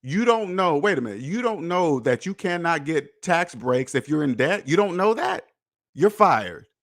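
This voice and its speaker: Preachy, emphatic man, fairly high voice. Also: big pitch swings, normal speed. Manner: emphatic, preachy, repetitive, with profanity; swings between loud jabs and low muttered asides. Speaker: podcast host. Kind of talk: personal finance monologue.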